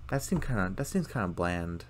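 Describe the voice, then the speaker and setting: A man's voice: sits low, big pitch swings, fairly quick, slight background noise. A man chatting casually through a recap of a cartoon episode, rambling with lots of fillers. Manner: rambling, many fillers, acts out characters' lines. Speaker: video commentator.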